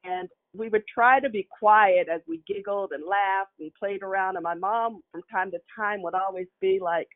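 A woman's voice: mid-range voice, normal speed, hardly any pauses. A woman telling a personal childhood story with frequent chuckles, in a nostalgic way. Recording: tinny phone-like line.

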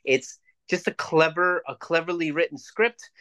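A man co-hosting a podcast, chatting casually, swearing freely and ranting in quick bursts. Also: fairly high pitch, fairly even intonation, sharp tone. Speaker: podcast co-host. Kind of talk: casual chat.

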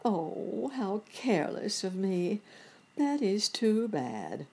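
A woman's voice: sits low, sing-song, unhurried, slightly rough, exaggerated voice. A woman voicing a caring, fretful lady nurse animal in a children's storybook. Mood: sorry. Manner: fretful and apologetic.

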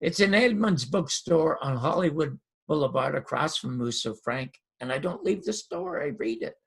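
An older man, a former talk show host and stand-up comic, telling stories as an interview guest in an emphatic, animated way with a raspy voice. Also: on the high side, normal speed. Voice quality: raspy, gravelly. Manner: emphatic, repeats words. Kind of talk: animated storytelling.

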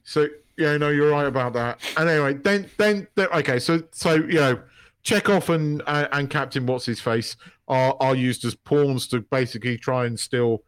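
A man's voice: medium pitch, moderate pace, clean tone, no room sound. A man co-hosting a casual podcast chat, rambling with restarts and many yeahs. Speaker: podcast co-host.

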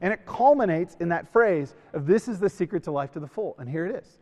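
A man giving an animated sermon to young people, telling stories and acting out the voices of the people in them. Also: sits high, a little fast, big-room sound. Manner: animated storytelling, acts out quoted voices. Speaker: youth speaker. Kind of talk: sermon to a youth camp.

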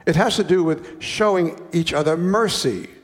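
A man's voice: on the high side, moderate pace, long reverb tail. A man preaching a sermon, reading a parable aloud and breaking off for conversational, wry asides.

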